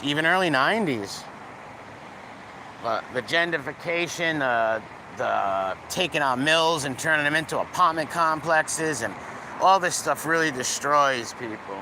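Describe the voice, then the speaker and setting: Middle-aged Rhode Island guy, bright tone, rambling profane livestreamer on a phone mic, faint street noise behind. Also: mid-range voice. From Providence, Rhode Island. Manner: rambling, profane, bouncing between greetings and rants. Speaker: livestreamer walking his dog. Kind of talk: casual livestream chat with viewers. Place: city street with passing cars.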